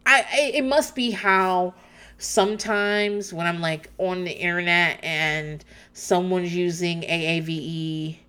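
This is an animated woman recapping a TV show in casual, candid chat. She restarts her sentences often and breaks into laughs along the way. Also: on the low side, takes it slowly, smooth.

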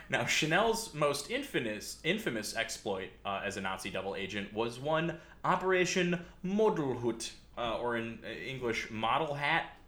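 A man's voice: medium pitch, very animated, unhurried, a bit bright, roomy sound. A man hosting a podcast, telling a history story in a casual, sardonic way with frequent fillers.

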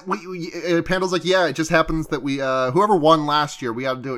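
A man casually recapping anime episodes on a podcast, rambling excitedly, swearing often and quoting characters as he goes. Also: fairly high pitch, brisk, hardly any pauses. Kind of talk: casual chat.

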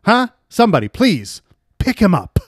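A man's voice: high voice, moderate pace, slightly rough, dry recording, clean studio sound, full character voice. A man doing a campy, flamboyant convict. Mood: theatrical. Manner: showy, animated pleading. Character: campy, theatrical male convict, flamboyant and kind.

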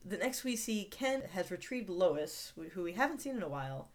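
A woman's voice: medium pitch, very animated, normal speed. A woman co-hosting a podcast, chatting casually and joking as she recaps a TV episode with a friend. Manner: wry, joking, laughs often. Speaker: podcast co-host.

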